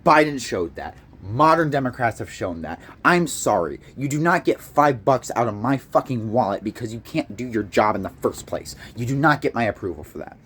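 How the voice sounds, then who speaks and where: A man's voice: medium pitch, expressive, normal speed, few pauses, a bit bright, slightly rough. A young man from the United States giving a heated, profane, rambling political rant with frequent restarts. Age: young adult. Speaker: political commentator. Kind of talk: casual rant to camera.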